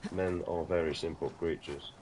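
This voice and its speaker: A gaming channel host chats casually over gameplay, rambling, swearing freely and calling the listener "mate" again and again. His voice is deep, steady and a little mellow, at a moderate pace. There is slight background noise.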